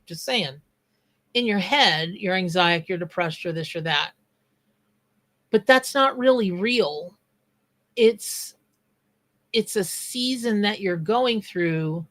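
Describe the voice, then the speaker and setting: A woman hosting a live tarot reading, talking bluntly and casually while greeting viewers by name. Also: mid-range voice. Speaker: tarot reader and psychic.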